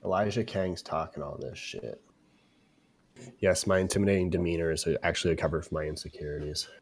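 A man's voice: low voice, fairly quick, husky. A man joining a live stream voice chat, talking in a brash, crude, mock-macho joking way. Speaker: voice chat guest.

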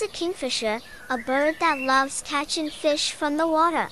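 A woman narrating a scripted children's lesson in a bright, encouraging way, often asking the listener to join in. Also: sits high, unhurried, hardly any pauses, very noisy.

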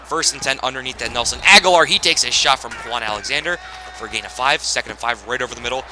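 A young man narrating a football video game in casual play-by-play style, getting excitable on big plays. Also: mid-range voice, quick pace, noisy background. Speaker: gaming channel host.

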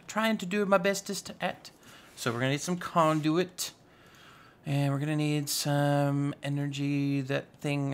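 A Minecraft YouTuber chats casually while playing a modded block-building game, rambling and tossing in playful asides. His voice is fairly high and creaky.

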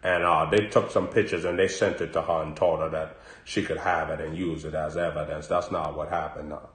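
A man's voice: extremely low pitch, flat delivery, fairly quick, a bit bright, reverberant, pitched below the performer's own voice. A man voicing a shifty, evasive grown man who mumbles his denials.

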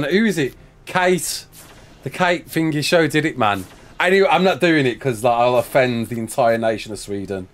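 A British man chatting casually on a live stream, answering viewer questions, laughing often and calling people mate. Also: mid-range voice. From United Kingdom.

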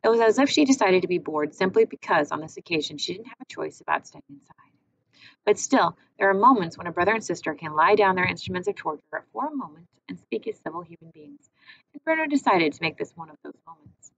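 A woman narrating an audiobook in a measured, expressive reading. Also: on the low side. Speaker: audiobook reader. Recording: muffled with faint hiss.

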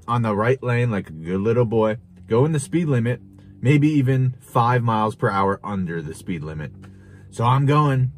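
Young man, husky voice, casual vlog storytelling, animated, chuckling. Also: mid-range voice. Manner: animated, chuckling, swearing, with restarts. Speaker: vlogger.

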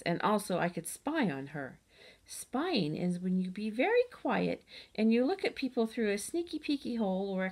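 A woman reading as a chatty, boastful kindergarten girl. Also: fairly low pitch. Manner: lively, childlike storybook storytelling with playful grammar. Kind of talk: audiobook reading.

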